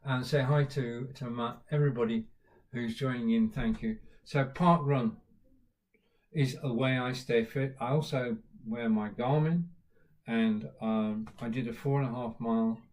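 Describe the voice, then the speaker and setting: Host, male, British accent, casual rambling live-stream chat, fillers, medium pitch. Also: a little mellow. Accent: British English. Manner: chatty, greets viewers by name, lots of uh fillers. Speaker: livestream host.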